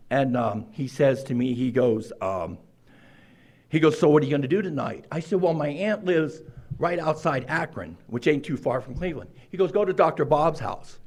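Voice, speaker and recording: A man in his sixties telling his own recovery story to a meeting, acting out quoted lines with sudden jumps in pitch and loudness. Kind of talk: personal recovery story told to a group.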